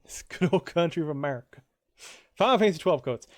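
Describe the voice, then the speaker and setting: This man streams a game and reads viewer quotes in rambling, easygoing talk, breaking into loud, high voices for the quotes. He's expressive and unhurried, pausing often.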